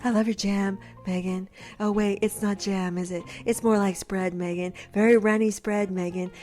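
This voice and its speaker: A woman's voice: mid-range voice, steady tone, normal speed, dark tone, faint music behind, pitched above the performer's own voice, close to an everyday voice. A woman putting on a mocking impression of a boastful older male politician who teases a host in a sing-song way. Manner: teasing, sing-song mockery.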